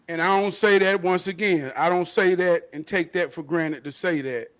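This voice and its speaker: High-voiced man, earnest and motivational. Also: unhurried, fairly bright tone. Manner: earnest, speaks in motivational slogans. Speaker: podcast guest. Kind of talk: casual chat.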